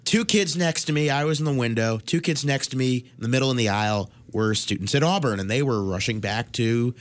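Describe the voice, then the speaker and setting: A young man co-hosting a casual sports podcast, telling stories in an animated way. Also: medium pitch, a little fast. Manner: animated storyteller. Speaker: podcast co-host. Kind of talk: casual sports chat, storytelling.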